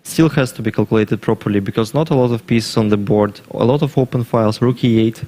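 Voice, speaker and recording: A man commentating live on a chess game, thinking aloud through variations in a measured way. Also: fairly low pitch, dark tone.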